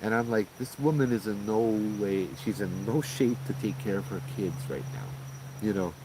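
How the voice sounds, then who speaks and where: A man, casually retelling a paranormal encounter as host, in an animated, conversational way. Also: lowish voice, moderate pace, noisy background. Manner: animated, conversational retelling with frequent "you know" and "right?". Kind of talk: casual spoken ghost story.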